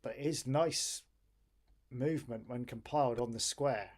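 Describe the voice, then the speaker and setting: A man's voice: medium pitch, unhurried. A tired man casually thinking aloud on a live stream while he waits on an old home computer to finish a job.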